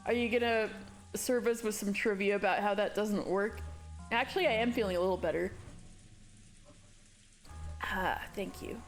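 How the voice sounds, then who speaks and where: Woman streamer chatting and giggling, higher voice, game music loud behind her. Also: moderate pace. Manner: chatty and giggly, with sudden high squeals. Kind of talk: casual chat while reading a visual novel aloud.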